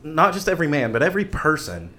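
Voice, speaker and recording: A man co-hosting a podcast, dropping deadpan jokes in casual chat. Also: on the high side, fast talker. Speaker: podcast co-host.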